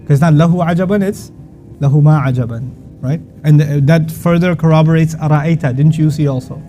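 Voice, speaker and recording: Fast-talking man teaching Quran commentary. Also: fairly high pitch, warm tone, soft background music. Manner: recites Arabic then explains in English; conversational with quick asides and restarts.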